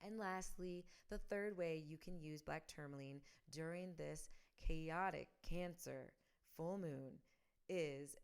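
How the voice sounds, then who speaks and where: Low-voiced woman hosting a spiritual podcast. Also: smooth. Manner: enthusiastic, affirming, leads listeners in repeated affirmations. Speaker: podcast host.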